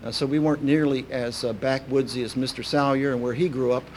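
A man's voice: medium pitch, fairly even intonation, fast. A man from preaching a sermon in a folksy, anecdotal way, with many "uh" fillers. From Kentucky, USA.

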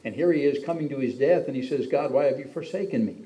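A man delivers a sermon as a pastor, reading scripture and then unpacking it. His voice is mellow and warm, sitting in a middle pitch range. He often lifts his voice for emphasis. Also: animated, quick pace, low-quality recording. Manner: reads scripture then explains it, with frequent emphatic pitch rises.

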